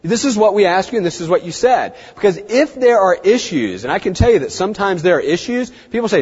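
Middle-aged guy giving a seminar, bouncy pitch, husky, echoey hall, kinda muffled. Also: a little fast, hardly any pauses. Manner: animated, chatty, acts out quoted voices. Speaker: veterinary practice speaker. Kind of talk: live seminar talk to an audience. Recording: muffled, dull sound in a reverberant hall.

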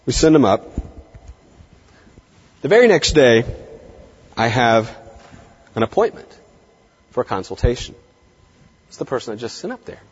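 A middle-aged man giving a lively lecture to veterinary students, swinging his tone and pace for drama. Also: medium pitch, normal speed, long pauses, breathy edge. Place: large lecture hall. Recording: dull, echoey lecture hall recording.

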